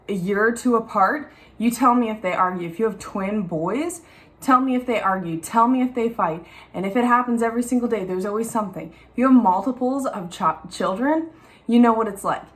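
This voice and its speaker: A young woman, a mother, talking candidly and casually to camera at home in a chatty, animated way. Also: fairly high pitch, brisk. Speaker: mom vlogger. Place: at home, in the garden.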